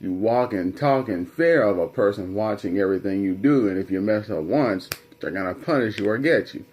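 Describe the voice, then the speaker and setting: A man's voice: lowish voice, normal speed, a little mellow. A young man vlogging, telling a personal story in a rambling, conversational way. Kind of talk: casual storytelling to camera.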